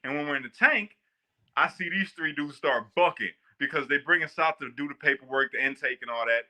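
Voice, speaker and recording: A man from Northwest Indiana casually telling a story in an animated, slangy way. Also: a little high, fairly quick. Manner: animated, slangy, laughs often. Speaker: guest storyteller.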